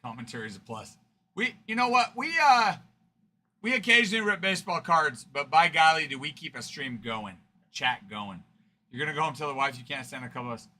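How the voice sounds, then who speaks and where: A man's voice: medium pitch, animated, quick pace, pushed and bright. A man hosting a card-breaking livestream, chatting and teasing viewers in a casual, joking way. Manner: chatty, teasing banter, fond of the word 'frickin''.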